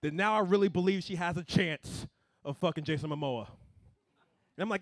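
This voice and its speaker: A young man doing a stand-up comedy set, animated, swinging between mumbled asides and loud punchlines. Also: high-pitched, fairly quick, pauses often, no room sound, clean studio sound.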